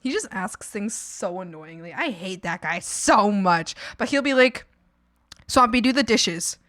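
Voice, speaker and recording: Bright-voiced woman streamer chatting. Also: mid-range voice, animated, a little slow. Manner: chatty and rambling, laughs often, bursts into mock shouting. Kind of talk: casual chat on a live stream.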